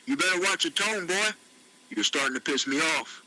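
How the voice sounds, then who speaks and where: A man's voice: on the high side, moderate pace, pushed and bright, rough recording. Ron, a synthetic man voicing a stern boss. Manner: gruff, scolding, calls listener "boy". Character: stern, threatening middle-aged male boss.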